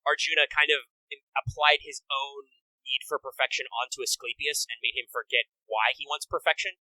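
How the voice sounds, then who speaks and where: A man co-hosting a casual video-game podcast, animated and quick to act out characters in put-on voices. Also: mid-range voice, dry recording, poor audio. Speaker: podcast co-host.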